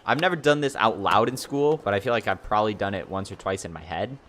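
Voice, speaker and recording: Rambling young man, lowish voice. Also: fast, a bit bright, slight background noise. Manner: rambling, full of "like" and "you know". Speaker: streamer. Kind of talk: casual livestream chat.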